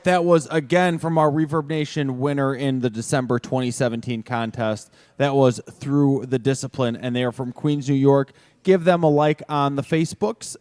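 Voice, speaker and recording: A man's voice: mid-range voice, darkish tone, clean tone, no echo. A man hosting a radio show on location, in casual, joking chat with a band. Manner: jokey, playful, talks over banter. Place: bowling alley bar.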